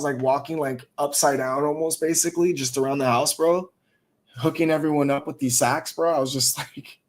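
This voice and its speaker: Man, casual storyteller, slang and swearing, says bro and dog a lot, middle pitch, live chat host. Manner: profane slang-heavy storytelling, calls listeners bro and dog. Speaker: host of a live audio space.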